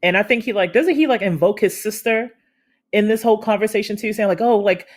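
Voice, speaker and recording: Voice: mid-range voice, fast. A co-host on a casual film review podcast, thinking aloud carefully and restarting sentences often. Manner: thoughtful, hedging, many restarts mid-sentence.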